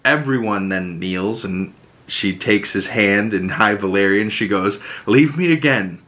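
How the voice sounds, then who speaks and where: Man, podcast host, casual recap, excitable, rambling, swears, bright tense voice. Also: fairly low pitch, unhurried.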